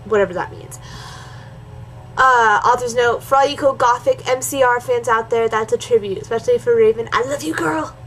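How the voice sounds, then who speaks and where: A woman's voice: a little high, steady tone, moderate pace, a little hiss or hum, low-quality recording. Sarcastic woman reading aloud mockingly. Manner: sarcastic, mocking, switches between reading and snarky asides. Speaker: reaction video host. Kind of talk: comedic dramatic reading with commentary.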